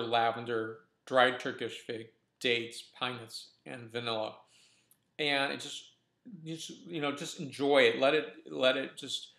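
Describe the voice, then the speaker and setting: A man hosting a casual wine review vlog, talking in a relaxed, enthusiastic way with frequent restarts. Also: medium pitch, vocal fry. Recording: roomy echo.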